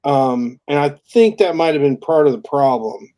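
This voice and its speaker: Halting man with a mellow voice. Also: a little high, animated. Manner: halting, many fillers and restarts. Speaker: podcast co-host. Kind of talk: casual chat.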